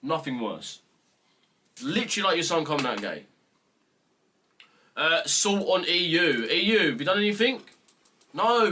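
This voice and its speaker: A young British man hosts a live trading stream and talks straight to his viewers. He rants in a blunt, profane, mock-serious way, and his voice stays bright and forceful throughout. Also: on the high side, big pitch swings, moderate pace, long pauses. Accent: British English. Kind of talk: casual livestream chat with viewers.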